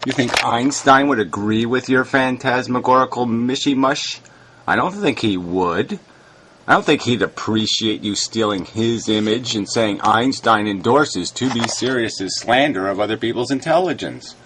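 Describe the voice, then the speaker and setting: A man's voice: mid-range voice, normal speed, a bit bright. A man delivers a heated, argumentative monologue to his camera. He sounds frustrated and combative, pushing his voice up and cursing. A faint background noise sits under the recording. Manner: frustrated, raises his voice, swears. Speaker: video blogger replying to critics. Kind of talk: argumentative video rant.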